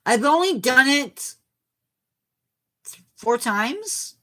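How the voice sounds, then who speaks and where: Woman, game streamer, slightly sore voice, self-deprecating, lively pitch. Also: extremely slow. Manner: chatty, self-deprecating, talks to viewers. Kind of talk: casual stream chat.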